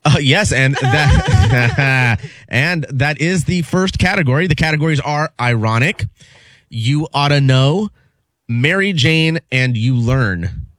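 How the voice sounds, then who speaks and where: A man's voice: mid-range voice, animated, takes it slowly, a bit bright, no room sound. A man casually announcing the categories of a radio game show, with hesitant fillers.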